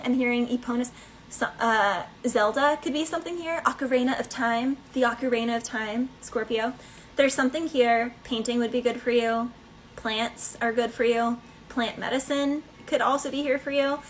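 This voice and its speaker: A woman's voice: a little high, normal speed, a little hiss or hum, poor audio. A woman giving a casual collective tarot reading, chatty and rambling, with many fillers and snatches of song. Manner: breaks into bits of song. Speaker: tarot reader.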